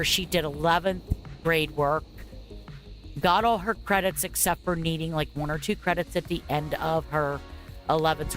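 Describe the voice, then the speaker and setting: This is a low-pitched, fairly bright female voice: a parent in her forties casually recounting a long personal story over gameplay. She rambles candidly, leaning on fillers, side remarks and repeated "blah, blah, blah."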